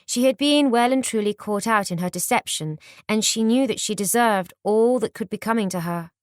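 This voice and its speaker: A woman narrating an audiobook in a steady, measured storytelling manner. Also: medium pitch, no room sound, clean studio sound.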